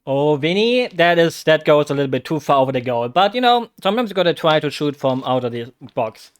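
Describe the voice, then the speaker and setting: A man streaming as a vtuber, reacting live to a football match in a rambling, excitable way with bursts of loud exclamations. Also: on the high side, a little fast, clear, resonant tone.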